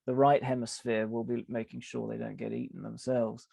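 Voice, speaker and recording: A man's voice: medium pitch, level tone, normal speed, vocal fry, dark tone, husky, no room sound. A man, a guest on a podcast, explaining his ideas at length in a thoughtful, hesitant way, full of fillers and restarts. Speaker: podcast guest, advertising author. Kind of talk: conversational interview explanation.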